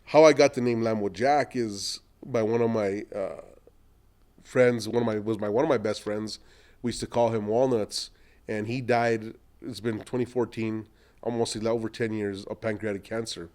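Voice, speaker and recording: A middle-aged man, an entrepreneur, telling long animated anecdotes in a podcast interview and acting out what other people said. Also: on the low side, moderate pace. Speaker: entrepreneur guest.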